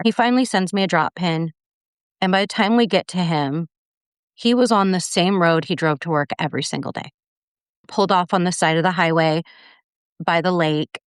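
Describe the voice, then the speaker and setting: A woman's voice: lowish voice, clean tone, dry recording, clean studio sound. A middle-aged woman telling a personal story as a podcast guest, earnestly retelling events and quoting the dialogue.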